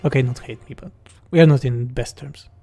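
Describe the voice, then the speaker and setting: A man's voice: mid-range voice, steady tone, brisk, vocal fry, warm tone, breathy edge, soft background music. A man from Poland with a Polish accent, a game mod developer reading chat questions aloud and answering them bluntly and jokingly on a livestream.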